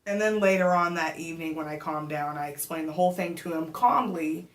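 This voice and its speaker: A young woman chats straight to her camera, walking through a story with plenty of "like" and "um." Her voice sits slightly low for a woman. The small room around her gives it a noticeable echo. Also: a little fast. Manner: chatty, animated storytelling with many fillers. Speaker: vlogger. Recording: echoey room.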